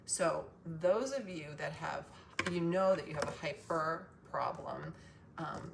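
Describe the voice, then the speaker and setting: A woman's voice: deep voice, expressive, slow pace, creaky, very noisy. A woman vlogging casually to camera, frustrated and ranting, swearing freely as she talks. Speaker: wellness vlogger. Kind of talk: casual talking-to-camera vlog.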